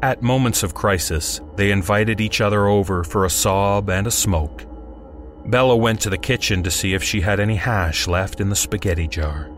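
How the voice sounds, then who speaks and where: A man's voice: on the low side, moderate pace, faint music behind. A man narrating a horror story in a dry, wry storytelling manner.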